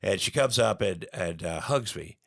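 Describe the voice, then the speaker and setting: A man's voice: deep voice, lively intonation, normal speed, vocal fry, fairly bright tone. A middle-aged man, a guest on an interview show, telling candid stories in a rambling way, with many fillers and restarts.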